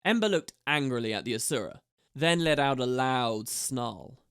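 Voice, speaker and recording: A man reading a fantasy audiobook aloud with steady, measured narration. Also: medium pitch, clear, resonant tone.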